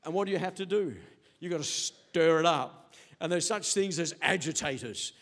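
A man's voice: a little high, normal speed. An older man preaching a sermon as pastor, telling stories animatedly and acting out quotes. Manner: animated storytelling with acted quotes.

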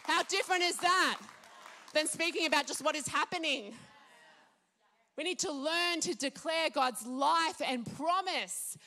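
Woman preacher, sermon, high bright voice, emphatic declarations, measured pauses. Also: a faint crowd.

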